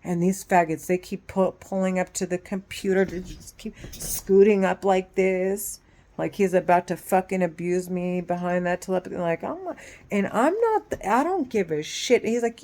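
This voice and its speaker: A woman talking in a casual rambling monologue, profane and full of restarts, swinging between loud agitation and low muttering. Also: measured pace.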